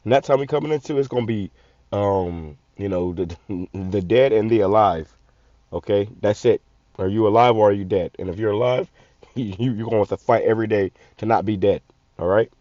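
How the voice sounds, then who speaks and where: A man's voice: fairly low pitch, moderate pace, dark tone, no room sound. A man, giving blunt, profane casual commentary on a video, often repeating and restarting words. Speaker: channel host. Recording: muffled lo-fi audio.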